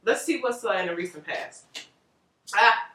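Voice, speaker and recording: A woman giving a casual tarot reading to viewers, animated and rambling, with frequent laughs. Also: mid-range voice, normal speed, distant mic, slight background noise. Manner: animated, chatty, loose and rambling, laughs often. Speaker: tarot reader. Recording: roomy echo, voice off-mic.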